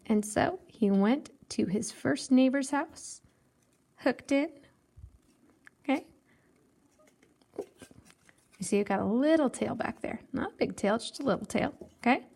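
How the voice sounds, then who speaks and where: A woman art teacher giving a patient step-by-step craft lesson for children, counting aloud slowly and explaining with a simple story. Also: high-pitched, expressive, creaky, a little mellow, husky.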